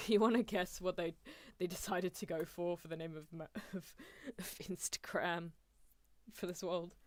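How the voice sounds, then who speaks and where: A woman's voice: fairly low pitch, steady tone, unhurried, dry recording. A young woman chatting casually and laughing often as she reacts to an anime on a stream, talking close to a desk mic.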